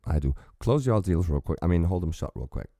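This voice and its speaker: Brief: male reaction host, extremely deep, gravelly, profane casual commentary, dry close sound. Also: big pitch swings, warm tone, no echo. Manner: profane, pauses music to quote and comment.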